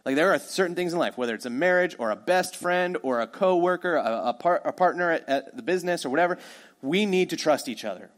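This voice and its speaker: A man's voice: a little high, animated, quick pace. A middle-aged man preaching a sermon as pastor, telling the story in a casual, conversational way and acting out the quoted voices.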